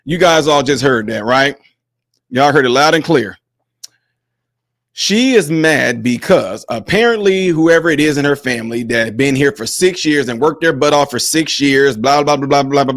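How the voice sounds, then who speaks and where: A man's voice: a little high, fairly bright tone, no room sound, clean studio sound. A man hosting a political commentary vlog, scolding and mocking with a stream of rhetorical questions. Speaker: host of a commentary channel.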